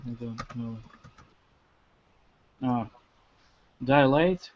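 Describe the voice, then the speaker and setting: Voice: mid-range voice, very slow, darkish tone, lo-fi sound. Hesitant student. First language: Russian. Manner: hesitant, unsure answers.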